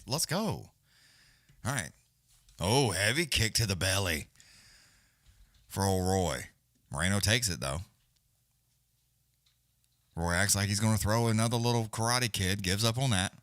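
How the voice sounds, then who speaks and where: A man's voice: lowish voice, animated, unhurried, pauses often, a bit bright, no echo, studio quality. A man giving loose, profane, casual live fight commentary as a companion-stream host. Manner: profane, blunt, loose, Southern-leaning slang.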